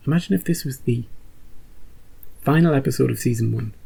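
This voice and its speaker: A man's voice: mid-range voice, a little fast, vocal fry, mellow, slightly rough, poor audio. A man hosting a reaction channel, chatting casually and rambling through an episode recap with many restarts. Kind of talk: casual post-episode chat.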